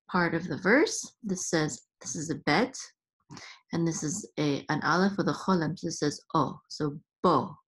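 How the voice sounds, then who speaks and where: A woman leads a step-by-step reading lesson in a somewhat low voice. She takes her time, sounding out each letter and syllable slowly and patiently. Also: breathy edge. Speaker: Hebrew reading teacher and podcast host.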